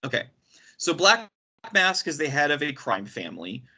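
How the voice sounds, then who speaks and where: A man hosting a casual podcast, explaining comic book characters with quick, stammering restarts. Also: on the high side, very animated, sharp tone. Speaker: podcast host. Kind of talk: casual chat.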